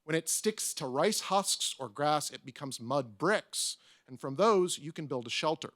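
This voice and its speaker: A man's voice: on the high side, expressive, a little slow, a bit bright, no room sound, studio quality. A man, an academic panelist, reading a prepared talk aloud with wry, self-mocking asides. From United States. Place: conference room.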